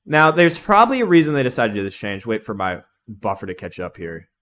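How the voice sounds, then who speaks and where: A young man streaming a casual, excitable game analysis, rambling and laughing at his own slips. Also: medium pitch, fast talker, slight background noise.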